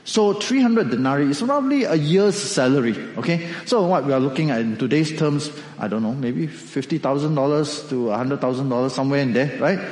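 A man preaching a sermon, animated storytelling with acted asides. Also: mid-range voice, fairly quick, hardly any pauses, reverberant, in a large hall, low-quality recording. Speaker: pastor.

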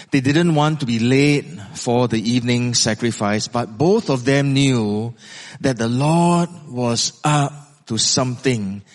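A male preacher retelling a scripture story in a sermon, with dramatic pauses and rhetorical questions. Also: mid-range voice, long reverb tail.

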